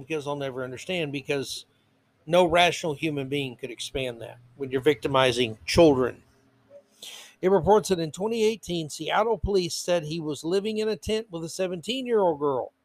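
A male podcast host with a notably high voice rants through an indignant commentary monologue. He hammers his points with repeated words. The sound is close and dry, with no room echo. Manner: indignant ranting with emphatic repetition.

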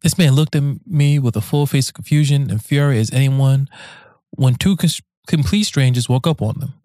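A man's voice: medium pitch, moderate pace, warm tone, dry recording. Laid-back slangy New man. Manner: loose and slangy, swears freely, breaks off into joking asides. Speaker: podcast host reading listener emails. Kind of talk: casual podcast talk, reading emails aloud.

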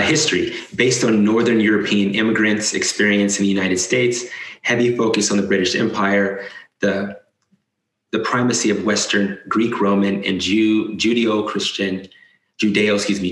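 A man's voice: lowish voice, unhurried, fairly bright tone. A man giving casual commentary as he reads points aloud, with sarcastic, incredulous asides. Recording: echoey room.

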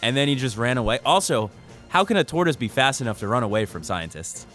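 A man's voice: medium pitch, sing-song, fast, fairly bright tone, faint music behind. A young man co-hosting a podcast, rambling and joking in casual chat and laughing often. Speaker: podcast co-host.

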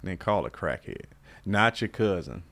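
A man's voice: sits low, animated, a little slow, a bit bright. A man co-hosting a podcast in casual, profane, laughing banter. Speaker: podcast co-host. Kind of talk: casual chat.

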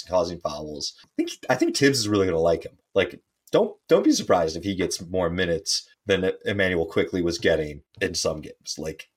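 A man co-hosting a sports podcast, analyzing players in casual chat with a playful, teasing streak. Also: deep voice. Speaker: podcast co-host.

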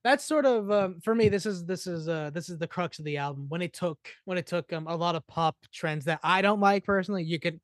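A co-host on a casual music review podcast, talking in halting restarts with many fillers. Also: mid-range voice, no room sound.

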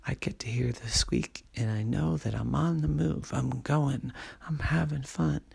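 Guy whispering as a little girl hooked on squeaky shoes, raised breathy voice, whispered role-play, slow. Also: a little mellow, exaggerated voice. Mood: dreamy. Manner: eager, raised pitch.

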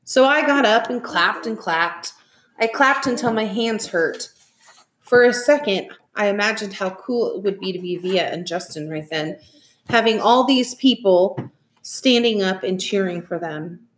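A woman reads a novel aloud with lively, expressive delivery. Her pitch sits in the middle of the range. The recording has a roomy echo. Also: unhurried. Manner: expressive, animated reading. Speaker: reader. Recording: echoey room.

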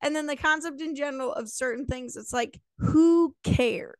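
A woman's voice: high voice, normal speed. A woman co-hosting a podcast in casual chat, giving blunt, dismissive opinions and swearing freely. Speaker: podcast co-host.

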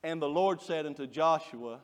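A man preaching a sermon, folksy and joking as he tells animated stories. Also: on the high side, normal speed. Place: church. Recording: long reverb of a church hall.

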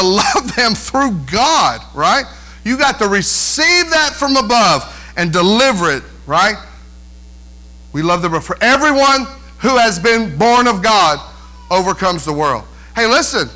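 Male pastor, high voice, preaching a lively sermon, often drops into mocking whiny impressions. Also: slow pace, long pauses. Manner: animated preaching, mimics whiny voices, calls for amens.

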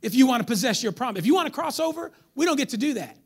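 Animated, high-pitched preaching pastor man. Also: rapid-fire, breathy edge. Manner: animated preacher, acts out congregants, jokes with crowd. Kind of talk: lively sermon. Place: church.

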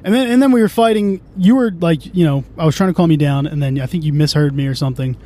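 A man's voice: fast, warm tone. A man hosting a casual podcast from a moving car, rambling and swearing, often restarting his sentences. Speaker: podcast host. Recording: faint car rumble.

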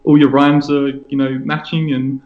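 Young aussie guy rapping on a radio show, kinda hesitant, higher voice, echoey dull line. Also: little pitch movement, normal speed. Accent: Australian. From Australia. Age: young adult. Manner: hesitant, many fillers in talk. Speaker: guest rapper.

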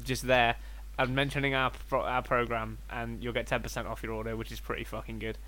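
A man's voice: mid-range voice, little pitch movement, brisk, bright, forceful tone. A young British man co-hosting a comedy podcast, joking, swearing and laughing often. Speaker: podcast co-host. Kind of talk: casual comedic podcast banter.

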